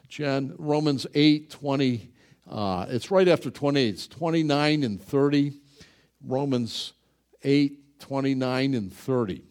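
A man's voice: mid-range voice, darkish tone. A man preaching a sermon in a conversational way, often asking the congregation questions and repeating words for emphasis. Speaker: pastor.

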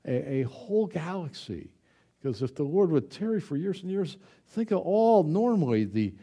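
A middle-aged male pastor, his voice a little high and slightly rough, gives a conversational sermon. He's exuberant and animated, tossing chatty asides to the congregation.

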